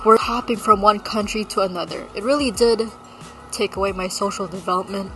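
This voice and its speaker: A woman's voice: medium pitch, brisk, a bit bright, faint music behind, rough recording. A woman with an American accent, a touch of Malaysian in it, talking in a blunt, sarcastic, ranting vlog style and swearing freely. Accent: American with a slight Malaysian tinge. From Philippines. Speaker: vlogger. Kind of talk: casual talking-head vlog.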